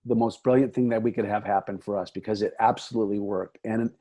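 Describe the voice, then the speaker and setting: A middle-aged man with a warm, darkish voice and a husky edge. He chats as a podcast guest about his work as an assistant director. His telling is lively and rambling, with plenty of restarts. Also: on the low side, fast talker. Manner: lively, chatty storytelling with frequent laughs and restarts. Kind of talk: casual conversation.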